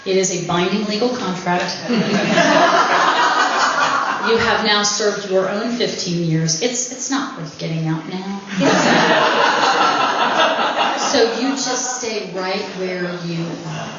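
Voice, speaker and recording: A woman's voice: mid-range voice, slow, long pauses, heavy background noise. A woman giving an informal speech at her anniversary party in a winery event room, joking and laughing often. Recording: very echoey, dull room recording with ambience.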